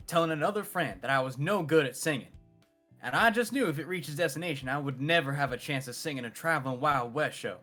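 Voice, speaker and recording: Guy doing a rambling cowboy drifter w/ an old west drawl, kinda high voice, bit of music behind. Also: a bit bright. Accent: put-on Old West drawl. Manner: folksy, rambling. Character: folksy male cowboy drifter, would-be singer. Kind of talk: murder mystery role-play over voice chat.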